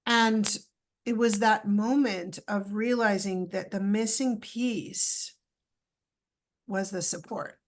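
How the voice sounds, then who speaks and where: A middle-aged woman, a podcast guest, telling a personal story with lively acted-out dialogue. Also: medium pitch, slow pace, slight background noise. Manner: animated storyteller, acts out dialogue.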